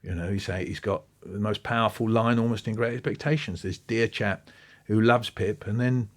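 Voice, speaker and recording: A man, an interview guest talking with lively enthusiasm and acting out bits of what he describes. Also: on the low side, moderate pace. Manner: animated, quoting and acting out passages. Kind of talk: podcast interview.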